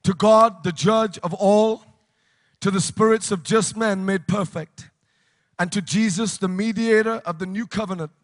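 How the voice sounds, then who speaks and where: A British man preaching a revival sermon, impassioned and shouting to a congregation in a large church hall. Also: sits high. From United Kingdom. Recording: long reverb of a large hall.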